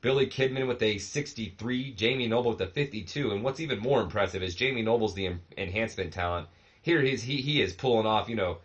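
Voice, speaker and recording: Low-voiced man rambling through commentary. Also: muffled recording. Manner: rambling, relaxed, many fillers. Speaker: host of a wrestling management game series. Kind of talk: casual gameplay commentary.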